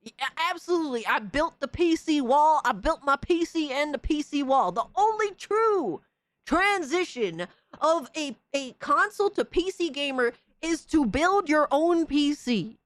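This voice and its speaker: A woman with a high voice rants in casual podcast talk. She mocks and swears, circling back to the same points again and again. The sound is dry and close. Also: lively intonation, unhurried, no echo. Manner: profane, mocking, repetitive. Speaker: podcast host. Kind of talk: casual gaming rant.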